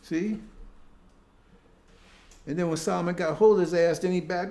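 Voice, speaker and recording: Male preacher, informal sermon, pitch a touch high, chatty delivery that keeps checking in with the audience. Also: fairly even intonation, moderate pace, vocal fry, long pauses, warm tone, roomy sound. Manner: conversational, keeps asking "see?".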